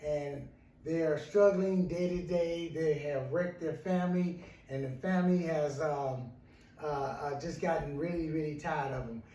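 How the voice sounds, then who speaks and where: A man's voice: a little high, unhurried, dark tone. A male counselor telling a story in a rambling, repetitive way, often asking "right?". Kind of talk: storytelling talk. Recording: roomy echo, mic at a distance.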